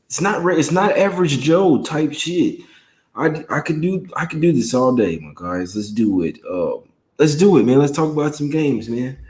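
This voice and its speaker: A man's voice: medium pitch, darkish tone, roomy sound, low-quality recording. Slangy, laid-back male stream host. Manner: slangy, laid-back banter, greets chat by name. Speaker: sports betting livestream host. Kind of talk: casual livestream chat.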